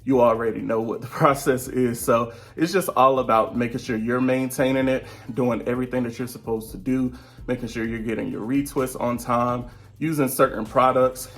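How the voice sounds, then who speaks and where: A man's voice: medium pitch, steady tone, normal speed. A man in his thirties talking casually to his viewers from home, chatty, drifting off topic and laughing often mid-sentence. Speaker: vlogger and virtual teacher. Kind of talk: casual vlog update. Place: at home, seated.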